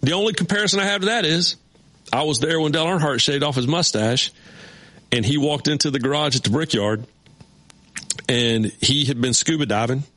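A middle-aged man hosting a sports radio show, telling a story in a chatty, animated way. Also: medium pitch. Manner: animated, acts out voices in his stories. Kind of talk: casual storytelling.

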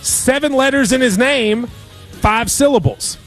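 A man's voice: very high-pitched, unhurried, faint music behind. A man hosting a sports radio show, joking around in casual chat. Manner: jokey, animated, laughs often.

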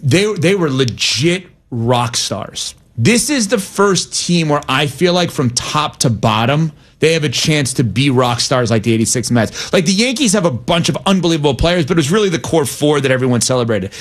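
A man's voice: fairly high pitch, expressive, normal speed, hardly any pauses. A man in his forties co-hosts a casual sports chat and speaks earnestly and with emphasis. His voice sits a little above average.

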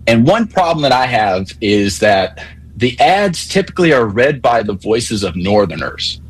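A man calling in to a sports talk radio show, explaining things in a measured, methodical way. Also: medium pitch, big pitch swings, husky, low-quality recording. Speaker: caller.

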